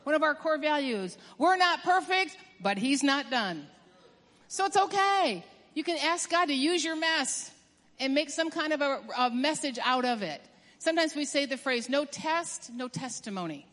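A woman preaching a sermon in an emphatic way, rushing through some phrases and stretching out others for stress. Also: sits high, expressive, a bit bright. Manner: emphatic, swings from quick bursts to drawn-out stresses. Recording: long hall reverb.

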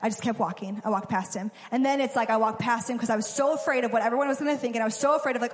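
A woman's voice: a little high, very fast, few pauses. A young woman giving a casual, conversational sermon, acting out quotes as she goes. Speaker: preacher. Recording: long hall reverb.

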